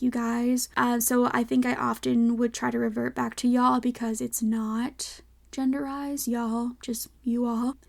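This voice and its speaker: A woman's voice: on the high side, gravelly. A young woman with a light Southern American accent, hosting a casual solo podcast, chatty and full of "like" fillers and self-checking asides. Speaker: podcast host.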